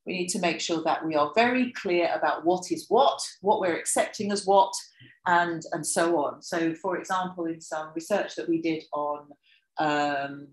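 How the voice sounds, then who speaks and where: A woman giving an academic workshop talk, lively and animated, with many fillers and asides and a rising, expressive delivery when she acts out examples. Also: deep voice, moderate pace, reverberant, low-quality recording. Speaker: lecturer presenting research. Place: lecture room.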